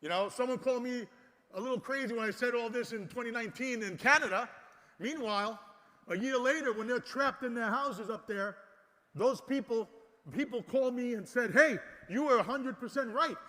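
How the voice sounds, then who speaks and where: A man giving an impassioned conference speech, exhorting the crowd and swinging between loud and soft. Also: extremely high pitch, normal speed. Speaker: conference speaker. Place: large conference hall. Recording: long hall reverb.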